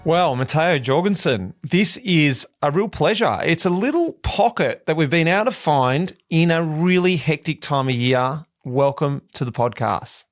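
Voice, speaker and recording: A man hosting a podcast, chatty and animated as he tells stories. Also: on the high side, a little slow, few pauses, soft background music. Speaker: podcast host, former pro cyclist. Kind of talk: casual podcast interview.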